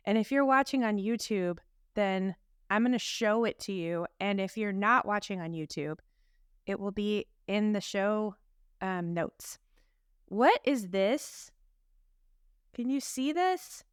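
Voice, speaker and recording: A woman's voice: medium pitch, animated, a little slow, clean tone, no room sound. Woman, podcast co-host, casual chat, rambling, self-deprecating, dry close sound.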